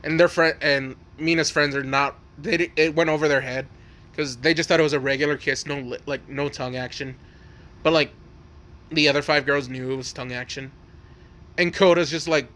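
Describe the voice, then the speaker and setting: Bright rambling young man, swearing freely. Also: fairly high pitch. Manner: rambling, profane, full of likes and restarts. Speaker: storyteller. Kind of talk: casual improvised fan story telling.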